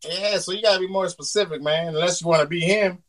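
A man in casual, profane banter with a friend, animated and joking. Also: high-pitched, quick pace, no echo. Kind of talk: casual chat.

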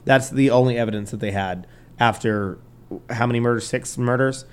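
A man's voice: medium pitch, normal speed, clean tone. A man hosting a podcast, telling a crime story in loose, casual chat, swearing, laughing and tripping over names. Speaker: podcast host.

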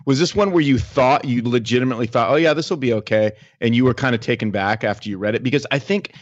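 An animated man co-hosts a podcast, putting emphatic weight on his points in casual chat. His voice sounds dry and close, with a dull lo-fi edge to the recording. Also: medium pitch, quick pace, no room sound. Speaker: podcast co-host.

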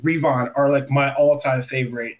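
A man's voice: medium pitch, steady tone, moderate pace, dull audio. A man chatting casually on a podcast panel, rambling and enthusiastic, with lots of fillers. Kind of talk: casual chat.

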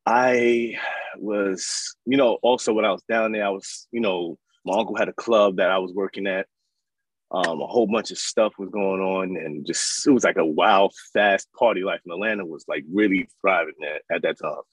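A man in his thirties from New York, telling his life story as an interview guest in an animated, casual way. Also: low-pitched, moderate pace, dry recording, poor audio. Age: 30s. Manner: animated, acts out voices in his stories.

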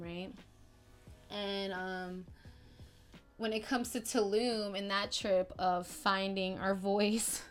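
A woman hosting a spiritual podcast, talking in a casual, slangy, animated way that swings between excited outbursts and softer, quieter stretches. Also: medium pitch. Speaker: podcast host.

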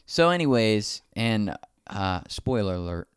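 A man's voice: on the low side, a little slow, clear, resonant tone, no room sound. A man casually telling a long anecdote, acting out the other people's lines as he goes. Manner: animated, acts out quoted dialogue.

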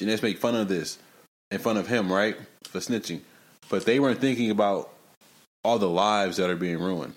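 A young man hosting a casual podcast, telling stories in lively slang and breaking into rap lines. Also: on the low side, a little fast. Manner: animated, slangy storytelling with bursts of rapping. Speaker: podcast host.

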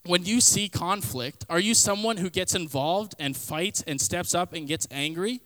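Casual, lively young preacher. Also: male voice, high-pitched, moderate pace. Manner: casual storytelling with comic quoted voices; frequent fillers like "like" and "kinda". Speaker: youth pastor. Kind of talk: sermon.

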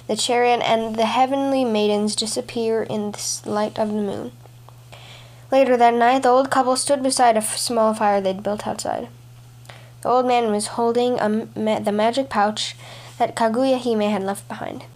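A woman narrates a folk tale for her storytelling podcast in a measured, expressive reading. Her voice sits a little high.

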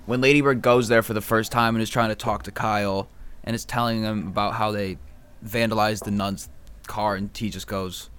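Low-voiced man, relaxed chat. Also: fairly quick, a little hiss or hum. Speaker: co-host. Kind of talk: casual chat.

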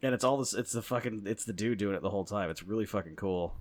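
A man co-hosting a casual podcast chat, animated and fond of swearing, talking close to a desk mic. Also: fast talker. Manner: animated, swears a lot, goes loud and high when worked up. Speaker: podcast co-host.

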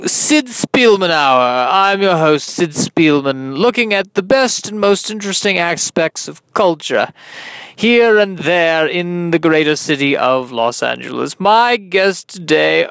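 A man voicing a pompous, fawning public-radio-style interviewer with a drawn-out, affected, gushing delivery. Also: high voice, gravelly, bright, forceful tone, smooth, no room sound, heavily acted, low-quality recording.

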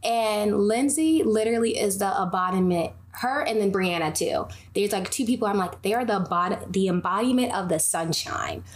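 A young woman hosting a casual faith podcast, telling animated stories and wandering off on tangents. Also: medium pitch, moderate pace, hardly any pauses. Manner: animated storytelling, goes on tangents. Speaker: podcast host.

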